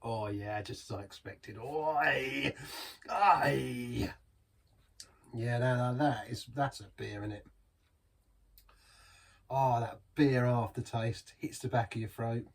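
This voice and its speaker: A man's voice: mid-range voice, fairly even intonation, measured pace, darkish tone, recorded from a distance. A man reviewing a beer in a chatty, rambling way, savouring each sip. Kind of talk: casual beer review vlog.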